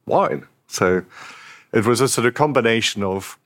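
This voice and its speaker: Lower-voiced man telling wry anecdotes. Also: lively intonation, moderate pace, a bit bright. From South Africa. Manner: wry, anecdotal, acts out quoted dialogue. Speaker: company founder, guest. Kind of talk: conversational interview storytelling.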